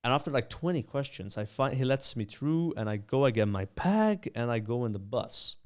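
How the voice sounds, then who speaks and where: A young man with a Maltese accent tells an animated story in a podcast chat, filling gaps with "uh" and "like". His voice sits at a middle pitch and sounds smooth and clear. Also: normal speed. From Malta. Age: young adult. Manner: animated storyteller, many fillers. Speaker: guest, streamer.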